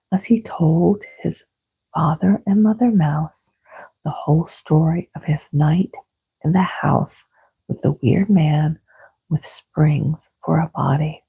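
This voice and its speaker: A woman storyteller reading aloud in a soft, soothing whispered bedtime reading. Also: sits low, vocal fry, breathy edge. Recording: dull lo-fi sound.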